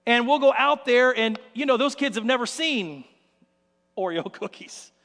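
A man preaching a sermon as pastor, telling stories in an animated way and acting out the scenes. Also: very high-pitched, moderate pace, in a large hall.

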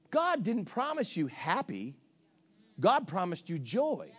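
A male pastor preaching a sermon, emphatic, with shouted lines and playful asides. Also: sits high, wildly swooping pitch, measured pace, breathy edge.

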